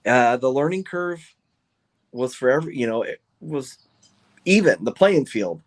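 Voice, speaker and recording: A man who owns and drives a funny car, telling stories in an excited, rambling way with lots of restarts on a podcast. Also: medium pitch, unhurried. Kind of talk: podcast interview, casual storytelling.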